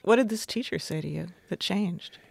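A woman's voice: fairly low pitch, normal speed, gravelly, no room sound. A woman interviewer asking thoughtful, probing questions.

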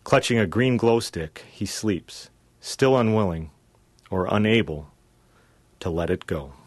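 Low-voiced man reading a wry radio essay. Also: animated, a little slow. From Wisconsin. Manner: wry, reflective storytelling. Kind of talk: scripted first-person radio essay.

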